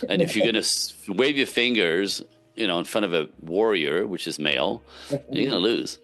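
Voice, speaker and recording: A man with a low-sitting voice speaks at normal speed. He's a relationship coach appearing as a podcast guest, giving casual but emphatic, animated advice and frequently checking in with "right?"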